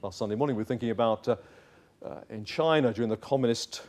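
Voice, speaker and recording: A man's voice: mid-range voice, fast talker, darkish tone. A male pastor preaching a sermon in church, emphatic and acting out little dialogues.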